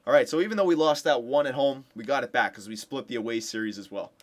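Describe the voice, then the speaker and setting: Young male gameplay commentator, eager and chatty, swings between hyped cheering and low muttering. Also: fast. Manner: excited cheering for his team. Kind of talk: casual video game commentary.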